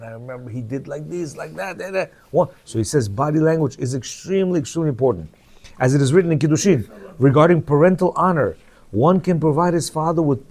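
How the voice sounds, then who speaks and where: Guy reading and explaining a book to a room of men, mellow, keeps asking do you hear. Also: a little high. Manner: conversational, repeats questions to the listeners. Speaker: Torah class teacher. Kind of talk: reading a book aloud and explaining it to a men's class.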